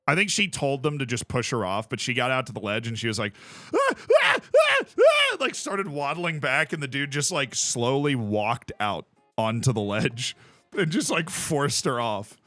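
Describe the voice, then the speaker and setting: A man streaming a game, telling stories in a casual, animated way and laughing often. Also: mid-range voice, moderate pace, no room sound, faint music behind. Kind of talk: casual chat while playing a game.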